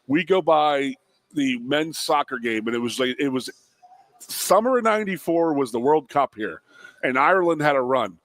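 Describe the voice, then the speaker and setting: A man's voice: medium pitch, expressive, normal speed, fairly bright tone. A middle-aged man co-hosting casual sports radio, telling stories with lots of fillers and repeated words. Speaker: co-host, former offensive lineman. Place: radio broadcast from a restaurant.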